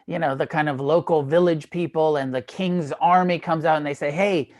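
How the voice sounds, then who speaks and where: A man's voice: on the high side, fairly quick. A man giving a dharma talk as a meditation teacher, retelling a story in a casual, irreverent way with swearing and laughs. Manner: casual and irreverent, with profanity and fillers; animated retelling with frequent laughs.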